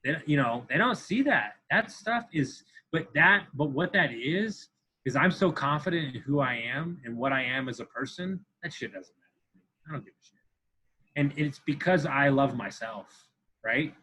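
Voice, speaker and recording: Husky and sharp-toned, this thirty-something man's fairly high voice moves at a moderate pace with lively intonation, though the recording is rough. As a guest on a podcast, he talks candidly with intensity and profanity, repeating points for emphasis.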